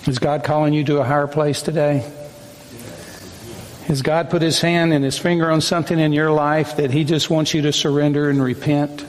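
A man preaching a sermon to a group of men, speaking in a slow, solemn way with measured pauses. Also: a little high, level tone. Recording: long hall reverb, faint room ambience.

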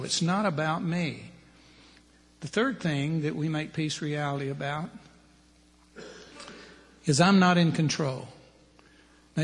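A man's voice: fairly high pitch, long reverb tail. A middle-aged man preaching a plain-spoken sermon to men, listing his points one by one. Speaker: preacher at a men's ministry.

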